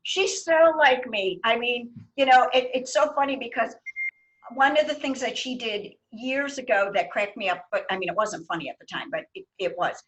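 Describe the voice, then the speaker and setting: A middle-aged woman hosting a casual chat, telling lively stories and laughing often. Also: fairly high pitch, moderate pace, dull audio. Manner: animated storyteller, laughs often. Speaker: host.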